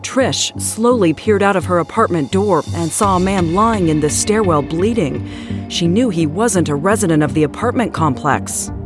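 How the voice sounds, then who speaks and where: A woman's voice: fairly low pitch, expressive. Woman narrating true crime over music. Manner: measured and dramatic.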